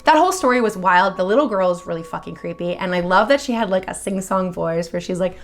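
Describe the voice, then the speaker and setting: A woman's voice: lowish voice, lively intonation, fast. A woman hosting a video channel, reading horror stories aloud and then chatting casually with viewers, swearing freely and gushing.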